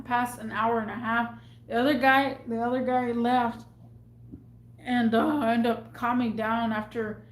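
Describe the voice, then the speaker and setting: A woman employed at a store vents on a storytime vlog while on the job, cursing and agitated, her sentences breaking into stammered restarts. She speaks at a fairly high pitch, and the audio sounds roomy.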